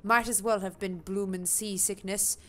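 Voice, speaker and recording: A woman's voice: mid-range voice, steady tone, close to an everyday voice. A woman putting on a chatty old sea peddler. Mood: folksy. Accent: attempted British. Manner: reading the lines aloud with a halting put-on accent. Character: grizzled male peddler on a ship, chatty.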